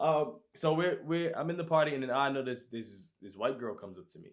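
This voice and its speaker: A man on a podcast telling a story in a lively way and acting out his own reactions. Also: medium pitch, a little fast. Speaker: podcast host. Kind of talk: casual storytelling chat.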